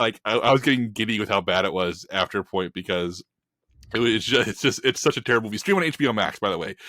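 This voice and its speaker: A man on a film podcast panel, ranting in an animated, emphatic and opinionated way in casual chat. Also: on the low side, dry recording, studio quality.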